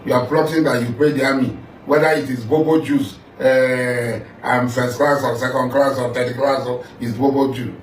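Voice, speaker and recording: Here a middle-aged Nigerian political figure, medium-pitched and fairly flat, talks at normal speed with hardly any pauses. His confrontational statement is accusing and repetitive, aimed straight at the listener. There's a little hiss or hum, an echoey room, distance from the mic, and faint music.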